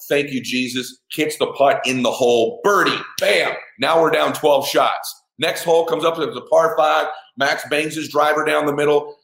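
With a gravelly voice, a middle-aged father forcefully relates a personal story in an echoey room. The telling includes swearing, acted-out lines of dialogue and shouting at the climactic moments.

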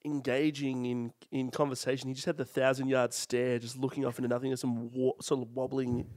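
A man on a comedy podcast, talking in casual, expressive banter and laughing often. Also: medium pitch, a little fast. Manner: expressive, swooping delivery with frequent laughs. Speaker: podcast co-host.

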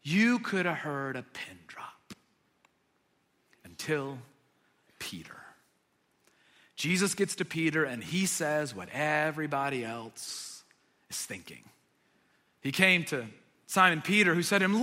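Bright-voiced preacher in a reverberant hall. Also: male voice, high-pitched, animated, unhurried. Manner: dramatic storytelling, voice swelling and dropping to near whispers. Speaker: pastor. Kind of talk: sermon.

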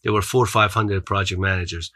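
Accented male guest, earnest motivational storyteller, low and forceful. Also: fairly even intonation, brisk, no echo. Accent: foreign accent. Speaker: podcast guest. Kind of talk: storytelling in an interview.

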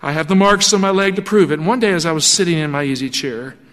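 A male pastor telling a story in a sermon, animated and acting out the voices of the people in it. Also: on the high side, quick pace. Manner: animated storytelling with acted-out quotes. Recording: long hall reverb.

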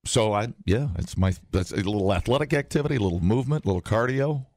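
A man's voice: fairly low pitch, lively intonation, fast talker, darkish tone, no room sound. A man hosting a morning radio show, rambling and joking with plenty of fillers.

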